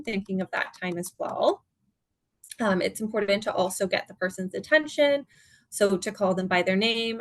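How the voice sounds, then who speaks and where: A woman presenting at an online seminar as a dementia care educator, giving calm, step-by-step guidance. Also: mid-range voice, dry recording. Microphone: video call.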